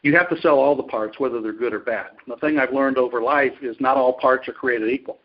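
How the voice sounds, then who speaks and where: A male executive being interviewed, answering in a measured, explanatory way with frequent fillers. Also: medium pitch, dull audio. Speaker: industry executive guest. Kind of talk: business interview.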